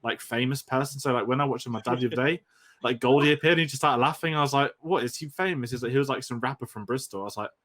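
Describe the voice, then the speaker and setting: A man's voice: mid-range voice, fast, fairly bright tone. A man co-hosting a casual film podcast, with a rambling, self-deprecating manner and frequent laughs. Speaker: podcast co-host.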